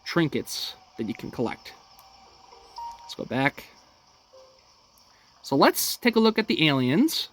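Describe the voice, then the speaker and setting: A young man narrates a game walkthrough in an easy, upbeat manner, describing each step as he goes. His pitch swings up and down freely as he talks. He sounds relaxed and casual, as if chatting with viewers from home. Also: takes it slowly, long pauses, soft background music. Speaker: gaming channel host.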